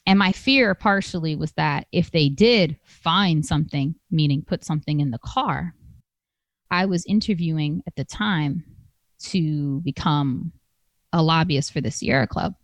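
Speaking a little slowly in a low voice, a woman with a master's degree shares a personal story with an audience. Her delivery is conversational and emphatic, and she performs the voices of those she quotes. No room sound is audible.

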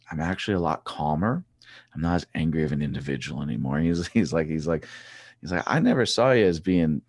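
Deep-voiced man telling stories, dry sound. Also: no echo. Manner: rambling, animated storytelling with repeated restarts. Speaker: podcast guest, former track cyclist. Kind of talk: casual chat.

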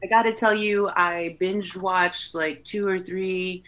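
A woman guest on a podcast, chatting casually and telling lively stories, often laughing and acting out what people said. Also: lowish voice, takes it slowly. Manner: animated storyteller, laughs often, acts out quotes. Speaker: podcast guest, haunt performer. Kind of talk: casual interview chat.

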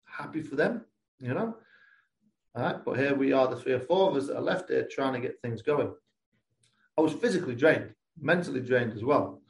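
Earnest gravelly-voiced male soccer coach. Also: mid-range voice, lively intonation, moderate pace, reverberant. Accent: non-American English. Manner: rambling, earnest, many restarts. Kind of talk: conversational interview answer.

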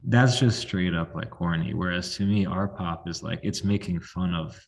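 Deep gravelly male podcast host. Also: moderate pace, distant mic. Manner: casual, lots of filler "like", animated opinions. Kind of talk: casual conversational chat.

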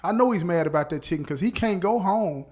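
A man hosting a podcast, telling a story in a casual, animated way, laughing often and checking in with his listeners. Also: high voice, a little fast. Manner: animated, laughs often, peppers speech with "you know what I'm saying". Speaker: podcast host.

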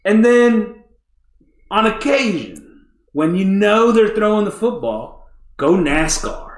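A man co-hosting a casual sports podcast, talking in an animated, emphatic way and laughing often. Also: sits high, slow pace, reverberant.

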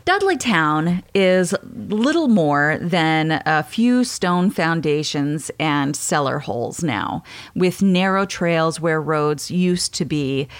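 Woman, podcast host, casual storytelling, chatty, somewhat low voice.

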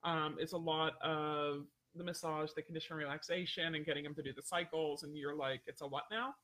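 A dog trainer hosting a livestream talks casually to viewers in a slightly high, bright, forceful male voice, brisk but flat in delivery. He drifts from point to point, leans on fillers, and breaks off his own sentences.

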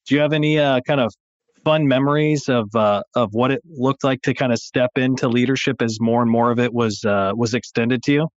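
Male interviewer, relaxed, hesitant fillers, dry close sound. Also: mid-range voice, a little fast, dry recording. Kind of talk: casual interview questions. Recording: dry, slightly muffled sound.

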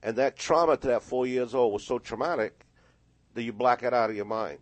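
A man's voice: medium pitch, brisk, no echo. A man, a hypnotist guest on a radio interview, telling stories and acting out the voices in them. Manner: storytelling, acts out quoted voices. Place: radio studio.

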